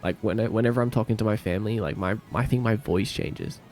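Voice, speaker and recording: A man from Australia, speaking with an Australian accent, casually reads viewer comments on a livestream, easygoing and often laughing as he says words back aloud. He talks fast in a fairly low, slightly mellow voice over soft background music.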